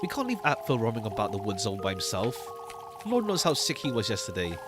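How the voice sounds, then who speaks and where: A man's voice: fairly low pitch, wildly swooping pitch, brisk, noisy background. A man reading a worried village woman.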